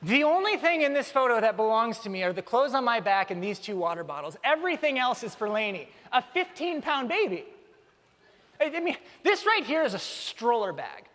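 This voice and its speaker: A man preaching a sermon as pastor, telling stories in an animated way with self-deprecating humor. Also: very high voice, fairly quick. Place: church sanctuary. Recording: long church reverb.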